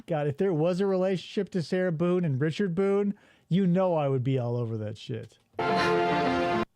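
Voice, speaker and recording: A man's voice: fairly high pitch, darkish tone. A man hosting a podcast, riffing in casual chat and swearing freely. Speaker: podcast host.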